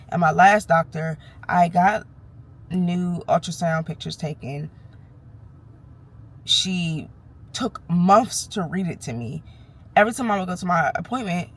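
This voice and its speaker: A woman's voice: low-pitched, breathy edge. A woman vlogging candidly while nervous, telling a fired-up, frank story with cursing. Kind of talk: candid vlog. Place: parked car or doctor's office.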